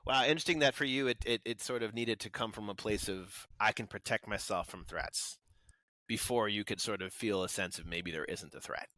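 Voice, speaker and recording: A man's voice: on the low side, a little fast, pushed and bright, dry recording. A man hosting a podcast interview, asking reflective, probing questions. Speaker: podcast host. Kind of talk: conversational interview.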